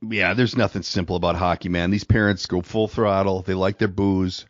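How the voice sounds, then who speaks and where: A middle-aged man co-hosting a podcast, spinning a rambling anecdote and chuckling as he goes. His voice sits at an ordinary pitch, recorded dry and a little dull, as from a home setup. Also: fairly even intonation, moderate pace, no room sound. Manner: rambling, laughs through his stories. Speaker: podcast co-host. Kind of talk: casual storytelling chat.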